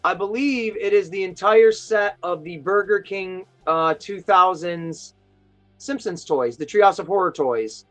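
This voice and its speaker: A man hosting a casual live stream, chatting in a rambling, excitable storytelling way. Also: high-pitched, measured pace, soft background music. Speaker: host of a toy chat live stream. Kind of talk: casual chat.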